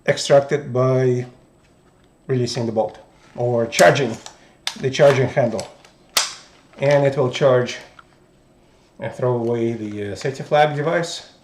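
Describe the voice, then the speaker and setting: A man with a Russian accent hosting a firearms channel, casually showing off a gun in a halting, deliberate way that restarts mid-phrase. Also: medium pitch, background noise. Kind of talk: casual gun show-and-tell. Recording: roomy echo.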